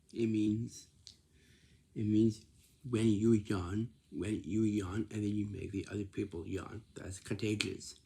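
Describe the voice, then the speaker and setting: Slow, gravelly man lecturing plainly. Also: on the low side, warm tone, slight background noise. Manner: repetitive, halting, restarts phrases often; simple, plain wording, lecturing tone. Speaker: vlogger giving job-hunting advice. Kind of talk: casual talk to camera.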